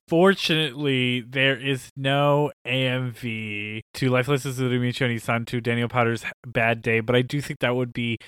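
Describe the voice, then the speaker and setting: A man's voice: medium pitch, flat delivery, normal speed, hardly any pauses, a bit bright, clean tone, no room sound. Man hosting with dry wit. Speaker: podcast host. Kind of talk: casual chat.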